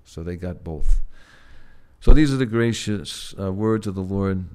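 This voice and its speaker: A man delivers a sermon in a low, gentle voice. His speech halts and restarts often, with soft stretches broken by sudden loud swells on key words. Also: clear, resonant tone. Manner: gentle, halting, with frequent "uh" and restarts. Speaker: preacher.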